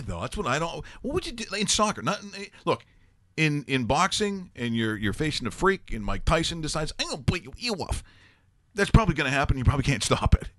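A man's voice: mid-range voice, no room sound. A man hosting a sports talk show, telling rambling jokey stories in casual banter. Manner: rambling, joking, animated storytelling.

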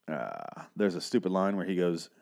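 A man's voice: deep voice, very animated, normal speed, creaky, a little mellow. Sarcastic man recapping a bad movie. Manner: sarcastic, exasperated, swears freely. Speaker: film reviewer.

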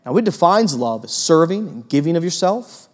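Animated male preacher in a reverberant hall. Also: fairly high pitch, normal speed. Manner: animated, acts out quoted voices, asks the congregation questions. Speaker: pastor. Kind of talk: sermon. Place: church hall with long reverb.

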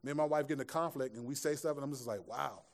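Delivering a sermon before a live audience in a church room, this male pastor talks at a racing clip in a medium pitch. His style is casual, blending Bible passages with humor and side comments.

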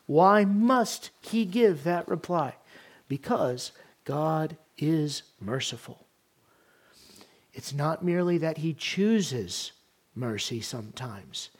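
A male pastor delivering a sermon, moving from quiet, hushed passages to loud, emphatic ones. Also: fairly high pitch.

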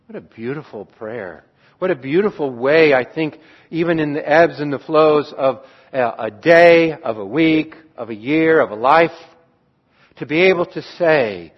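A man preaching an earnest, reflective sermon on a psalm as a pastor, trailing off softly at times. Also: fairly high pitch, animated, a little slow, husky. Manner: earnest, reflective, with restarts and soft trailing endings. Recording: dull lo-fi sound.

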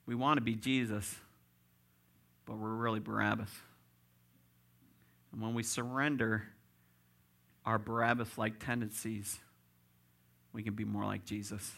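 Bright-voiced pastor preaching emphatically. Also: male voice, on the low side, level tone, a little slow, creaky, long pauses. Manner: rising to loud emphatic peaks; direct, addresses congregation as folks. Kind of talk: sermon.

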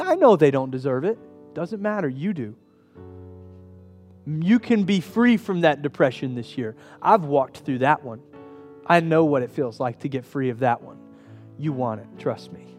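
Earnest pastor, high voice, soft guitar. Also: male voice. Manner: earnest, shifting from hushed and intimate to raised and emphatic. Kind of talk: sermon.

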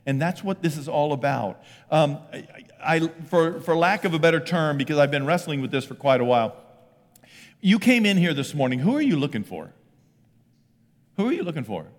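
A middle-aged man preaching a lively sermon as pastor, often breaking into loud acted voices. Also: a little high, moderate pace, long reverb tail. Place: church sanctuary.

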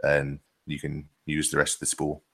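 A man's voice: a bass voice, completely flat delivery, moderate pace, fairly bright tone, slightly rough. A man chatting on a casual live stream, telling everyday stories in an easygoing way.

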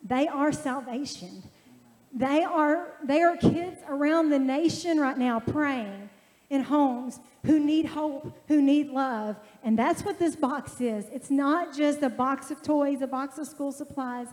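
A woman's high, mellow voice introduces a guest speaker and then prays with fervent, heartfelt repetition. The church's long reverb rings under her words. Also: slow pace. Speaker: regional ministry director. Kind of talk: church announcement and prayer. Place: church sanctuary.

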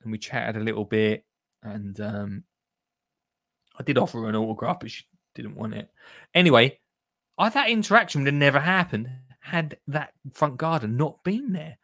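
A man's voice: mid-range voice, animated, normal speed, vocal fry, fairly bright tone, no echo, clean studio sound. A man hosting a gardening show, chatting casually and jokily with listeners. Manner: chatty and jokey, with asides to listeners. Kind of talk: casual radio-style show chat.

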